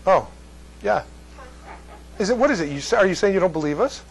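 Male Bible teacher, higher voice, loose and chatty with the class. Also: animated, brisk, creaky, a little hiss or hum, low-quality recording. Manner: chatty, jokey asides to the class.

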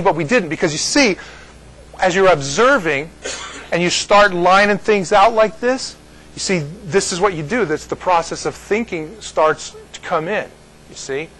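Male pastor, casual Bible study teacher, rambling folksy delivery, slightly raised pitch. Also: moderate pace, a bit bright, rough recording. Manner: rambling, folksy, asks "you see?" often.

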